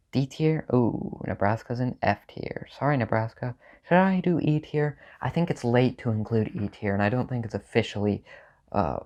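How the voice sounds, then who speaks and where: A man talks through a casual comedy monologue with a deadpan, offhand delivery. His voice sits at an ordinary middle pitch. Now and then he jumps up in pitch for mock outrage, then drops back to his dry, unbothered tone. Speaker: video host ranking states.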